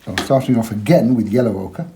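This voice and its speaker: A man giving a relaxed watercolour painting lesson, chatty and quiet, often dropping to a murmur as he works. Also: lowish voice, fast talker, a little hiss or hum. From England. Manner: quiet, chatty, drops to a murmur while working.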